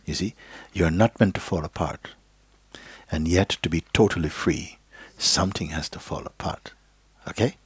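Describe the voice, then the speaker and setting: A man giving a live spiritual teaching to an audience, speaking slowly and gently, sometimes dropping to a soft whisper and checking in with "okay?" and "you see?". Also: sits low, husky, dry recording. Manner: slow, gentle, drifting into a soft whisper at times. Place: live gathering hall.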